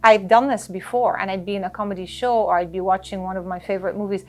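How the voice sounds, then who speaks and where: A woman's voice: medium pitch, fast. A woman guest in an interview, talking earnestly about handling stress and acting out little scenes to make her point. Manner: earnest, animated, advice-giving with acted-out examples. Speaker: interview guest, life coach. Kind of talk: conversational interview.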